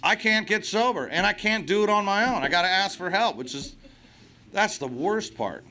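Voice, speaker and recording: A man's voice: high voice, expressive, moderate pace, bright, forceful tone, slight background noise. A man speaking at a recovery meeting, telling blunt, profane, comic stories to a live crowd. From United States. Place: meeting hall before an audience.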